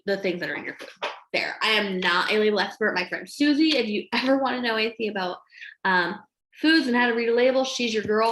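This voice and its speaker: Woman, animated casual talk, acts out quotes, highish voice, echoey room. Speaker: health coach. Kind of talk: casual chat to camera. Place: home room with a board behind her.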